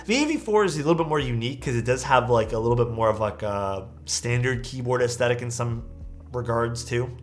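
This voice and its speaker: Faint music plays behind a man with a mid-range voice who talks fairly quickly. He is live streaming, easygoing and enthusiastic, heaping praise on the keyboard photos viewers send in.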